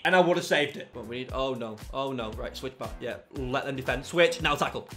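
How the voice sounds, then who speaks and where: Young guy yelling over his football game, bright edgy voice, faint music behind. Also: medium pitch, fast talker, few pauses. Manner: excitable, bursts into shouts after goals. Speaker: gaming YouTuber. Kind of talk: live game commentary.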